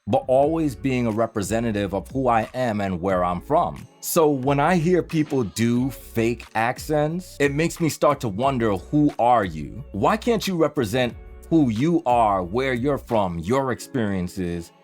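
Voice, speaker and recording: A man with a New York accent ranting to camera about voiceover from his home studio, emphatic and conversational with animated bursts. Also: medium pitch, measured pace, few pauses, soft background music. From New York, USA. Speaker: voiceover artist and YouTuber. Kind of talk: direct-to-camera opinion rant.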